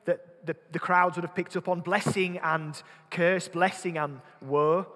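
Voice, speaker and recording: His voice fairly high, bright, and forceful, a preacher with a Yorkshire accent earnestly questions the congregation, repeating words as he thinks. The church recording carries a long hall reverb.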